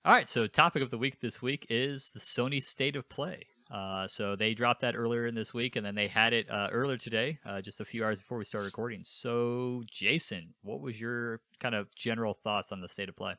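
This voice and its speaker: A man's voice: mid-range voice, fairly quick, few pauses, bright, forceful tone, no echo, studio quality. A man co-hosting a casual gaming podcast, rambling and tripping over restarts as he talks. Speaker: podcast co-host. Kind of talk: casual chat.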